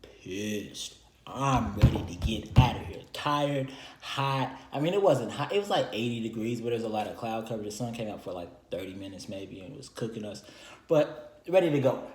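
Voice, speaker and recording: A young man vlogging, telling a long story in a casual, animated and rambling way, with lots of repeated phrases. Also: on the low side, normal speed. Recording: echoey room.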